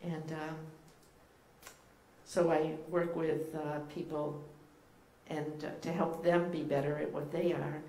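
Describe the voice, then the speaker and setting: Low-voiced woman with a Boston accent. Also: flat delivery, slow pace, dark tone. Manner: playful, teacherly, with frequent ums and uhs. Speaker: guest rabbi speaker. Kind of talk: informal sermon to a congregation. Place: church sanctuary. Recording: echoey room, faint background noise.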